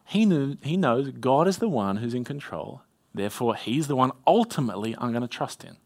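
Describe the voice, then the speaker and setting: A man preaching an expository sermon, reading scripture aloud with rising emphasis and dropping to a soft, low voice on key points. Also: expressive, a little fast, creaky.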